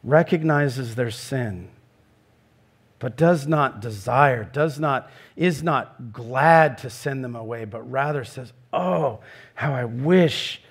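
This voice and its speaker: A man's voice: mid-range voice, slow, breathy edge. A middle-aged man preaching a sermon in an earnest way, rising into emphatic questions. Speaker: pastor.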